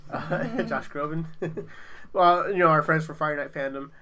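A man's voice: on the high side, moderate pace, crowd noise. A man hosting a casual podcast, laid-back and loose, swearing and laughing often with his guests. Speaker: podcast host.

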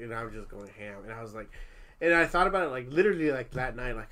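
On a relaxed family podcast, a father in his thirties speaks quickly at a medium pitch, telling a story with frank, profane energy and lots of fillers. A slight hiss or hum runs under the audio.

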